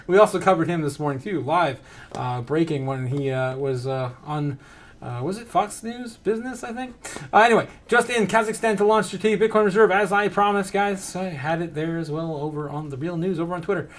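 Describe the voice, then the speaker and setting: A male livestream host with a notably high voice talks casually and excitedly. He laughs often, reads chat messages aloud and jumps between topics. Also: a little fast.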